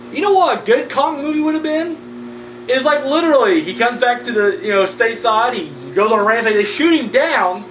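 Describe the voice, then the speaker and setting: Man, high voice, blunt swearing rant about movies, roomy echo, faint background noise. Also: fairly bright tone. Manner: profane, blunt, rambling. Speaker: horror news vlogger. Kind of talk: casual ranting commentary. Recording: echoey room, mic at a distance, faint background noise.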